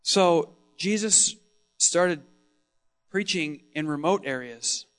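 Higher-voiced man preaching a dramatic monologue. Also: slow pace, clean tone. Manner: expressive storytelling, swinging from loud exclaims to hushed tones. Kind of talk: first-person dramatic sermon monologue.

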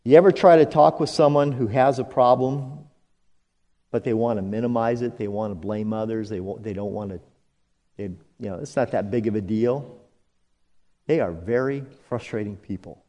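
In a church sanctuary, a male pastor preaches with slow, dramatic pacing, leaping into loud emphatic peaks and sinking into quiet asides as he guides the congregation through call-and-response. The audio has a church hall's long reverb.

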